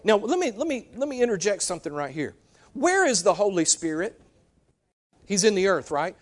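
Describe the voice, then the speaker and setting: Male preacher, high voice, animated teaching sermon with frequent "okay?" check-ins. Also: moderate pace.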